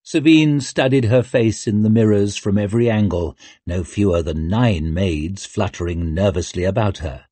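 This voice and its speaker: A man narrating an audiobook in a measured, even storytelling manner. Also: on the low side, slightly rough, no echo. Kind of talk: scripted narration.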